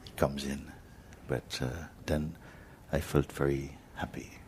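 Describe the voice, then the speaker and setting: A man who teaches spirituality, telling a personal story to a gathering in a gentle, unhurried way with frequent pauses. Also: rumbling low, flat delivery, a little hiss or hum. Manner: gentle, unhurried, pausing often. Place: talk hall in India.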